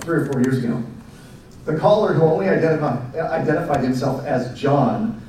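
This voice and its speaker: A man, giving a speech to educators as a presenter in a relaxed storytelling manner with fillers. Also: mid-range voice, a little hiss or hum. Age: 40s. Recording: echoey room, mic at a distance.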